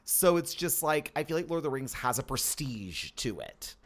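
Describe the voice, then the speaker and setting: Animated, chatty male podcast host. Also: medium pitch, moderate pace. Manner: animated, chatty, full of filler words. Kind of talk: casual chat.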